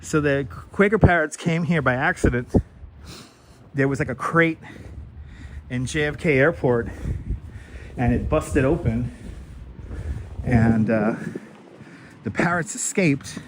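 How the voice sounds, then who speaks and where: Man, livestream host, walking tour, slightly out of breath, outdoors, clip-on mic, clear background noise. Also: mid-range voice, takes it slowly, pauses often. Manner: chatty, greets viewers by name. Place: outdoors, walking through a city cemetery. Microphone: wireless clip-on mic.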